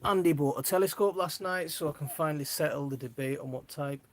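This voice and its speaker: A woman's voice: deep voice, brisk. A woman hosting a casual live stream, chatting, laughing often and reading viewer comments aloud.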